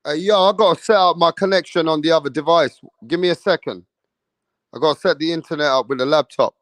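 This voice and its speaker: A man's voice: a little high, quick pace, fairly bright tone, no echo. A man hosting a casual live stream, chatting with viewers in hyped, profane, slangy banter.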